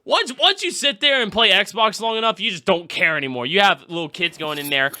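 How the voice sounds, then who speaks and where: A man with a high voice talks fairly quickly while hosting a podcast. In casual chat, he tells stories animatedly and acts out the quotes.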